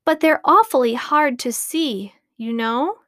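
A woman voicing a troop of eager little monkeys in a storybook reading, squeaky and excited. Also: a little slow, no room sound, studio quality. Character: six eager little monkeys, chattering together.

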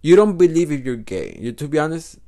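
A man's voice: fairly high pitch, big pitch swings, a little fast, mellow. A young man with a Mexican Spanish accent hosting a casual solo podcast, rambling and cursing freely and slipping into Spanish phrases. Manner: rambling, profane, switches into Spanish. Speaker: podcast host.

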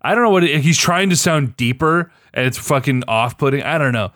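A man's voice: on the high side, very animated, normal speed, hardly any pauses, a bit bright, no echo, clean studio sound. A man in a casual chat, ranting with heavy swearing and exasperation.

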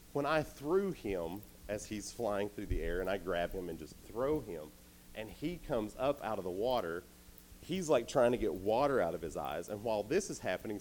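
A man's voice: on the low side, a little mellow, slight background noise. A young man giving a youth sermon, telling a story playfully and speaking directly to the crowd.

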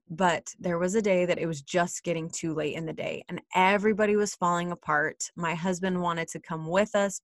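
A woman's voice: lowish voice, no echo, studio quality. A woman in her thirties, a mother, telling a candid personal story in a chatty way and often checking in with "right?".

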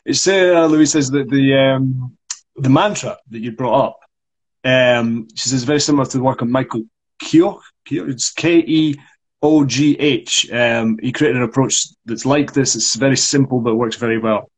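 Scottish acting coach, slightly husky, chatty with lots of yeahs. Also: male voice, medium pitch, moderate pace. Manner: chatty, frequent fillers and repeated yeahs. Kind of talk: casual live discussion.

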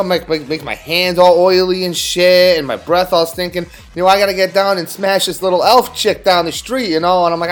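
A man's voice: fairly high pitch, close to an everyday voice. A man doing a brash guido Santa Claus. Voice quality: loud, brash, swaggering. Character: brash Italian-American guido Santa Claus, crude and cocky.

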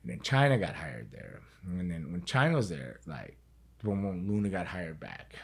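A man's voice: low-pitched, very animated, moderate pace, vocal fry, husky. A man telling a story as an interview guest, in a casual, rambling way, repeating words and swearing freely.

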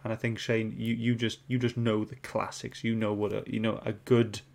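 A man's voice: on the low side, level tone, moderate pace, gravelly, darkish tone. A man hosting a casual podcast chat, reading out viewer comments and joking with his co-hosts. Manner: chatty, reads out viewer comments. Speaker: host.

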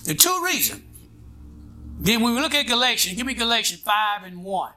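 A man's voice: high voice, very animated, moderate pace, pushed and bright, faint music behind. A man preaching a sermon in a call-and-response style, prodding his congregation with "what?" and "huh?" and waiting for them to answer. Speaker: pastor.

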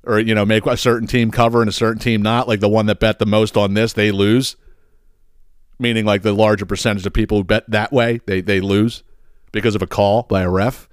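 A man rants profanely on his podcast, tripping over repeated words as he goes. His voice is smooth and clear, recorded close and dry. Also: fairly low pitch, level tone, a little fast, dry recording. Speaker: podcast host. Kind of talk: casual podcast rant.

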